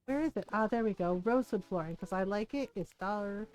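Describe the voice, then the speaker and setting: A woman streaming a cozy life-sim game, chatting casually while she decorates. She is animated, laughs often, and swears freely. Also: medium pitch, a little fast, soft background music, rough recording. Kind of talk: casual gaming stream chat.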